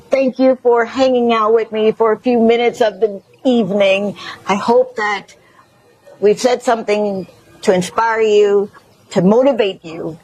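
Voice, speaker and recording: A woman's voice: mid-range voice, darkish tone, no room sound, rough recording. A woman with a Mississippi accent hosting a talk show, giving effusive, preacher-like encouragement to her audience.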